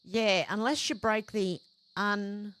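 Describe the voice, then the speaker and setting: A woman's voice: mid-range voice, fairly even intonation, measured pace, a bit bright, clear, resonant tone. A woman hosting a livestream, reading out viewers' chat comments one after another and adding short conversational reactions of her own. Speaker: livestream host.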